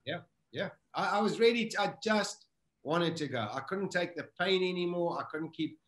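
A man's voice: high voice, moderate pace, echoey room. A middle-aged South African man vividly retelling a survival story as an interview guest. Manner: vivid, animated retelling with acted-out self-talk.

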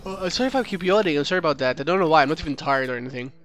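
Racing along over music, a man with a fairly high voice and lively intonation delivers gameplay commentary. Narrating his card game run for a let's play, he muses aloud, revises himself mid-sentence, and faults the opponent's moves.

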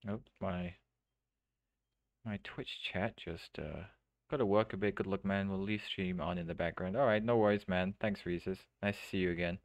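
A man streaming a game live, chatting casually and thinking out loud with many restarts. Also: sits low, fairly even intonation, moderate pace, creaky, no room sound. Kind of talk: casual let's-play commentary. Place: home streaming setup.

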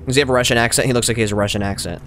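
A young man hosting a let's play, giving excitable, slangy commentary with yelps of surprise. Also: medium pitch, racing, slight background noise. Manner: excitable, yelping reactions, slangy. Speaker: gaming channel host. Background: loud game audio, music and gunfire.

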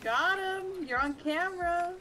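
High-voiced teasing woman gamer. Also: unhurried, noisy background. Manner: teasing, excitable. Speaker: co-player. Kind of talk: casual gameplay chat.

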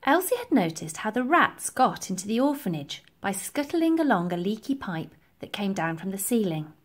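A woman reading a children's storybook aloud, telling it in an expressive, lively way. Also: medium pitch. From England. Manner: lively, expressive storytelling with slow deliberate pacing. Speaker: reader.

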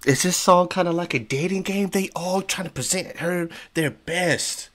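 A man's voice: high voice, normal speed. A man hosting a reaction video, chatting casually and exclaiming as he watches. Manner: animated, exclaiming, laughing along. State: a little out of breath. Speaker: reaction channel host.

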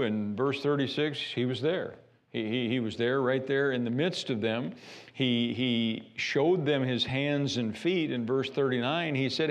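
A man preaching a sermon as pastor of a church, animated and repeating himself as he builds each point. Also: mid-range voice, a little slow. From United States. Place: church sanctuary.

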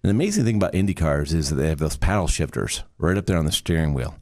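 A middle-aged man from Michigan hosting a podcast, talking in an animated, emphatic way and making playful sound effects. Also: rumbling low, fast. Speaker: podcast host. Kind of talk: casual podcast talk.

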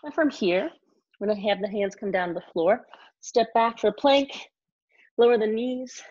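A woman's voice: a little high, moderate pace. Woman calling yoga cues, lo-fi sound. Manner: calm step-by-step cues with frequent sighs and exhales. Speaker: yoga instructor. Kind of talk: guiding a live online yoga class.

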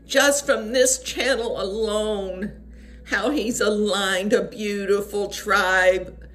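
Fervent, unhurried woman preacher. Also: medium pitch, steady tone, fairly bright tone, soft background music. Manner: fervent, repeats key phrases for emphasis. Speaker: online devotional speaker. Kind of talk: prophetic devotional message.

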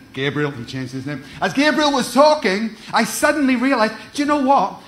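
A man's voice: sits high, fairly bright tone. A middle-aged man preaching a sermon, calling out to the congregation and restarting words as he goes. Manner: preaching with call-and-response, repeats words, stumbling restarts. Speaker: pastor.

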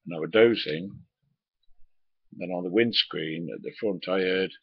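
A former truck driver with a deep, husky voice tells a rambling anecdote, speaking a little slowly with frequent pauses, casual swearing, and many ums and asides. The recording is dull and lo-fi, with no room sound.

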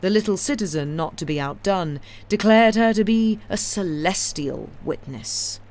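A woman reading a classic novel aloud on a live stream, steady, correcting small slips as she goes. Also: medium pitch, moderate pace. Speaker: audiobook reader, streamer.

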